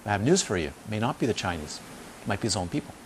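A man's voice: lowish voice, racing, a little hiss or hum. A man giving an informal dharma talk as a meditation teacher, telling stories with emphatic repetition and acting out the voices of people he quotes. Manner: animated storytelling, acts out quoted voices.

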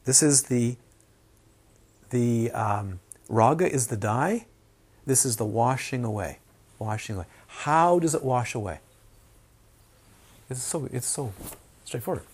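Husky-voiced man giving a dharma talk. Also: mid-range voice, animated, a little slow, pauses often, a little mellow. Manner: repetitive, emphatic, drops to a whisper in quotes. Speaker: Buddhist meditation teacher.

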